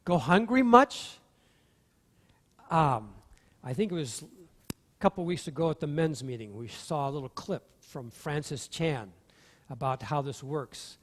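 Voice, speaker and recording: A man preaching a sermon as pastor, animated, acting out the voices in the stories he tells. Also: medium pitch, moderate pace. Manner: animated, acts out voices in quotes. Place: church sanctuary. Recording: long hall reverb.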